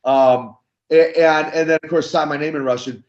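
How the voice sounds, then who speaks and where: A man's voice: on the high side, normal speed. An older man, a former wrestler turned minister, telling stories in an interview and acting out the dialogue as he goes. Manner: animated storyteller acting out dialogue. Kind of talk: storytelling interview. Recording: slightly dull lo-fi sound.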